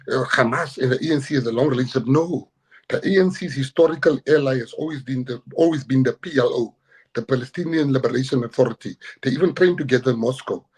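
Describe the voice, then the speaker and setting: This middle-aged man with a South African accent, speaking as a party leader in an interview, is forceful and combative, driving points home by repeating them. His mid-range voice has a breathy edge, and the recording is rough.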